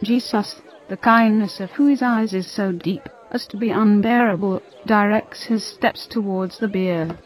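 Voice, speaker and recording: A woman narrating a religious story in a steady, reverent reading. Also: medium pitch, unhurried, few pauses, poor audio.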